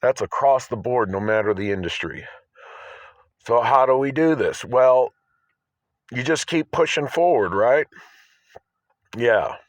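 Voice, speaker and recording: A man's voice: medium pitch, animated, measured pace, pauses often, no echo. A man vlogging to camera, agitated and insistent, often asking "all right?". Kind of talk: rambling self-filmed monologue. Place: outdoors by his car.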